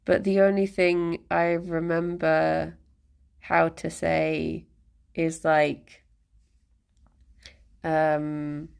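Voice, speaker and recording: Slow, gravelly-voiced woman streamer. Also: sits low, little pitch movement, a little mellow. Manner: rambling, self-deprecating, chuckles often. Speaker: live streamer. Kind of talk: casual chat with viewers.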